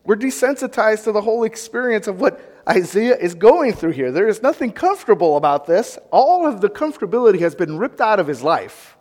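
Animated man preaching in a hall. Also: high-pitched, a little fast, few pauses. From United States. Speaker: pastor or Bible teacher. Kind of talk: interactive sermon.

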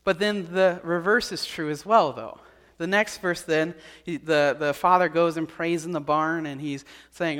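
Male pastor, high voice, earnest sermon delivery, long reverb of a church hall. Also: fairly even intonation, a little slow, a bit bright. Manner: earnest, repeats key points, small restarts.

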